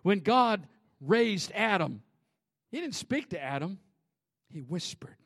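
A pastor with a high voice delivers a sermon in a church. He moves between hushed, breathy whispers and loud, ringing shouts as he preaches. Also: sing-song, takes it slowly. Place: church sanctuary.

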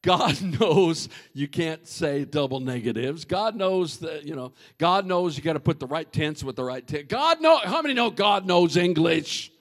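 Animated high-voiced preacher. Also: male voice, moderate pace, hardly any pauses. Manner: animated, humorous, addresses congregation directly. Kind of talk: sermon.

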